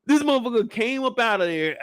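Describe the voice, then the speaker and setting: A young man giving a casual, profane, joking recap of a TV episode, lively and quick to burst into loud shouts. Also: extremely high pitch, no room sound, clean studio sound. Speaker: show recap reviewer. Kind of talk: casual live recap commentary.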